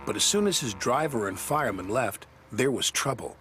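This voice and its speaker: Expressive male storybook narrator. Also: mid-range voice, normal speed, background noise. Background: music.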